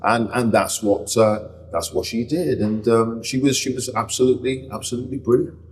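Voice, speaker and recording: A man's voice: mid-range voice, fairly even intonation, moderate pace, darkish tone, long reverb tail, recorded from a distance, a little hiss or hum. A man with a northern English Lancashire accent, chatting as an interview guest, talking freely and often restarting his sentences. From Bolton, England. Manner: chatty, many restarts and self-corrections. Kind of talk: relaxed reflective conversation.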